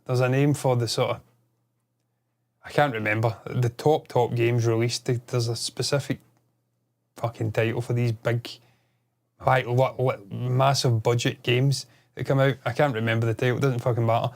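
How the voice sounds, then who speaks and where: A man co-hosting a casual podcast, excitable and rambling, swearing freely. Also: mid-range voice, moderate pace, creaky. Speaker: podcast co-host.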